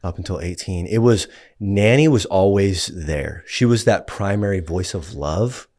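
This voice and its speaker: A man in his thirties, a pastor, talking in a relaxed, casual way with lots of "like" and "dude". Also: sits low, a little slow. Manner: laid-back, heavy on "like" and "dude". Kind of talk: casual podcast conversation.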